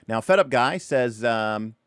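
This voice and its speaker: A man's voice: medium pitch, expressive, a little slow, clean tone, dry recording, clean studio sound. A man hosting a tabletop game livestream, explaining rules in a loose, rambling way with lots of fillers and restarts. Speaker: tabletop RPG show host.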